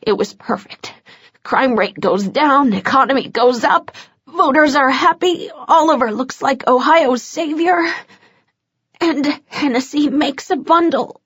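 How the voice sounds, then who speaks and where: A woman narrating an audiobook voices a cornered male henchman who spills a scheme in a rushed, snide confession. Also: sits high, a bit bright, no room sound, pitched above the performer's own voice. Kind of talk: audiobook character voice.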